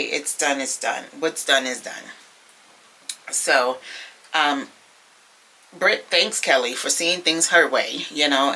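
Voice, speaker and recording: A woman's voice: very deep voice, bright, forceful tone, slight background noise, low-quality recording. A woman recapping a reality TV episode in a sassy, chatty way, calling her viewers y'all and using lots of fillers. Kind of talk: casual recap commentary.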